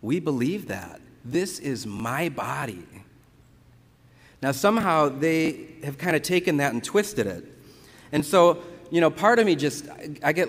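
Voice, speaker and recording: A Catholic priest giving a conversational sermon, telling stories from the pulpit with lively retellings. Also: male voice, medium pitch. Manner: conversational storytelling, animated retellings. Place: church. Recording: church reverb.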